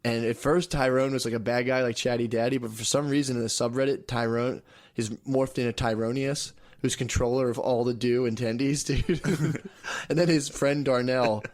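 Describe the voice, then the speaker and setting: A man of middle pitch co-hosting a loose comedy podcast. He rambles through long stories, laughs often and slips into acted-out voices when he quotes people. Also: steady tone, moderate pace, darkish tone. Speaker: podcast co-host. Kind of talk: casual comedy podcast chat. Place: podcast studio.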